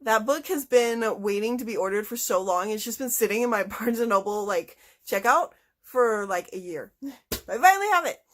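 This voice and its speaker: A woman chatting casually and excitedly through a book haul, full of little fillers. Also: mid-range voice, moderate pace. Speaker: book vlogger.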